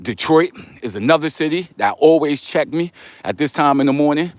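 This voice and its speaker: A man's voice: on the high side, animated, fairly quick, dry recording. Laid-back New York man vlogging on a walk. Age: middle-aged. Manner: laid-back, streetwise slang, reads comments aloud. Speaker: vlogger reading live chat. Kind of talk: casual livestream chat while walking. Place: outdoors on a street, walking.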